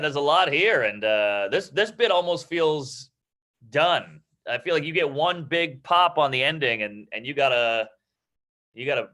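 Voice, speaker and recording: Bright-voiced man riffing on jokes. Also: medium pitch. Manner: loose, riffing, acts out quick voices. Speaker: comedy coach. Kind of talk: casual joke workshopping.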